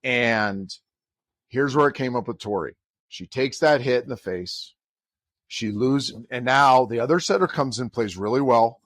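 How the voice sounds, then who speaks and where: Animated middle-aged coach telling a story. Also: male voice, mid-range voice, measured pace, dry recording. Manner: animated storyteller who acts out quoted dialogue. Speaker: college volleyball head coach. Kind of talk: storytelling in a podcast conversation.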